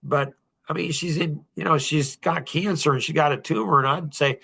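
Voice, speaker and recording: Podcast host, man, 60s, blunt and preachy, bright voice. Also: medium pitch, normal speed, creaky, breathy edge. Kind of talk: casual podcast talk.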